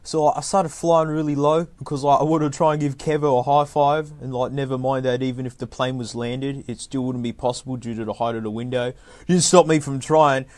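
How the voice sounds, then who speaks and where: Rambling Australian bloke with "mate" fillers. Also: male voice, mid-range voice, fairly even intonation, brisk, a little mellow. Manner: ocker slang, constant "like" and "mate" fillers. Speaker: comedic YouTuber. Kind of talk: rambling absurd comedic anecdotes.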